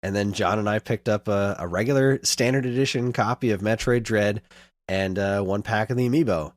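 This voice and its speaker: Man, podcast co-host, low voice, dry close sound, rambling casual storytelling. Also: a little fast, dry recording. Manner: rambling storyteller, animated in retelling.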